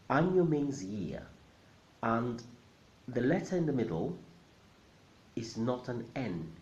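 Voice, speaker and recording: A man teaching Spanish pronunciation in a lesson, repeating words slowly and with emphasis. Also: medium pitch, big pitch swings, darkish tone, roomy sound, dull audio. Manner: slow, careful, emphatic pronunciation drills. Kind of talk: language lesson.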